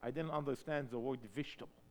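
A man preaching a sermon in English, which is not his first language, swinging between loud emphatic cries and hushed storytelling. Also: medium pitch, fast talker. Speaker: pastor.

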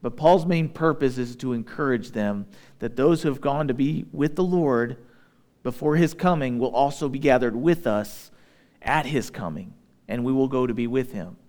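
A man's voice: mid-range voice, moderate pace, a little mellow. A man preaching a sermon as a pastor, talking in a conversational way and checking in with his listeners.

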